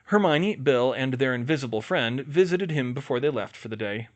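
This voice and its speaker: A man's voice: medium pitch, expressive, moderate pace. Man narrating a fan fiction audiobook.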